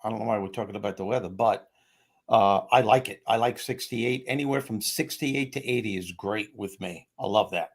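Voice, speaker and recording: A man's voice: on the low side, brisk. A man hosting a motivational talk show, joking and teasing himself as he chats with the audience. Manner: joking, self-mocking, chatty.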